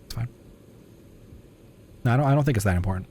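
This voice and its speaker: A man's voice: medium pitch, lively intonation, quick pace, background noise. Chatty young male game streamer. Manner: chatty, self-mocking asides to chat. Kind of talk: live gameplay commentary.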